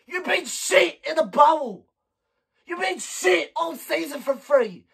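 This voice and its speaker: A woman shouting a furious, swear-filled sports rant in her own vlog. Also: sits high, lively intonation, takes it slowly, vocal fry, recorded from a distance. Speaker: sports fan vlogger.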